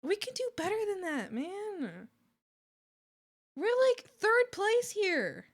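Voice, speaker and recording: Giggly high-voiced Canadian woman streamer. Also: takes it slowly, a little hiss or hum. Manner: giggly, animated, breaks into laughter often. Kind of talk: casual chat with viewers while drawing.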